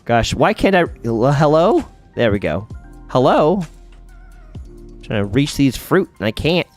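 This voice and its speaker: Man, casual game-stream host, animated rise and fall in his voice, chatty, thinks out loud, faint music underneath. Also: mid-range voice, a little slow. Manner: chatty, thinks aloud while playing and answers viewers. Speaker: streamer hosting a faith-based gaming stream. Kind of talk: casual live-stream chat while gaming.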